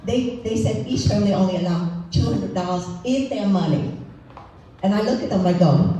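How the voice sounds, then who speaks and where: A woman's voice: mid-range voice, normal speed, mellow. Vietnamese-accented woman, echoey and distant. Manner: storytelling, acts out dialogue. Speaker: political candidate. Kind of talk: rally speech. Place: outdoor rally in a parking lot. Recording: echoey, distant mic, faint noise.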